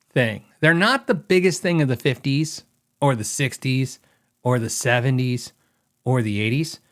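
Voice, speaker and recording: A middle-aged man with a slightly raised pitch hosts a casual podcast. He talks in an opinionated, rambling way, thinking aloud and reaching for fillers as he goes. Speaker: podcast host.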